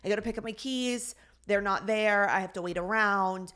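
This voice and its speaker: A woman co-hosting a podcast, telling a long, frustrating story in a lively, exasperated way. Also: mid-range voice, normal speed, clean tone. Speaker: podcast co-host. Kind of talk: casual storytelling chat.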